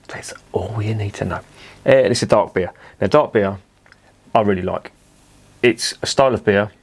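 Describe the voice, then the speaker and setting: Blunt man reviewing beer. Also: fairly low pitch. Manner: chatty, blunt, swears casually. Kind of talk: casual video review.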